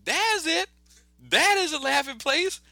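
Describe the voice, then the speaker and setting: A high, squeaky cartoon rabbit with a sly, mocking streak, as a man puts him on. He giggles through every line in a bright, springy voice. It sounds dry and close. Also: lively intonation, measured pace, gravelly, dry recording, faint music behind, heavily acted. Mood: giddy.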